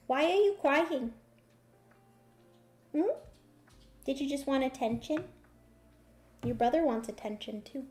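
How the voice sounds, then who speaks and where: A woman hosting a casual board game livestream, chatty and filling pauses with hums and ums. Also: high voice, a little mellow.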